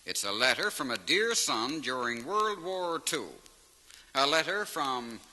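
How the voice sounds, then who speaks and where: Man, radio host, folksy lively delivery, bright voice, hissy reverberant record. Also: medium pitch, measured pace. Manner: chatty, folksy storytelling. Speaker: radio host and comic storyteller. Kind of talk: comic monologue. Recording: reverberant vinyl transfer with faint hiss.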